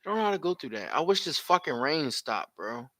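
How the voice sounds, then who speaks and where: A young man giving blunt, profane live reaction commentary full of slang and loud outbursts. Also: on the high side, sing-song, fairly quick, no echo.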